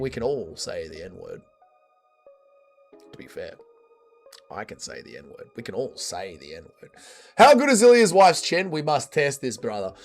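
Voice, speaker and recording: An Australian man hosting a casual livestream, reading out chat comments with blunt, crude banter, his voice tired and sore. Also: medium pitch. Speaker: livestream host.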